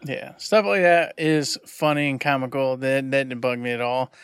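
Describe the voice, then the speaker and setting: A man in his forties co-hosting a casual gaming podcast, talking in an animated, emphatic way with quick asides. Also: mid-range voice, smooth, no echo, studio quality. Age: 40s. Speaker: podcast co-host.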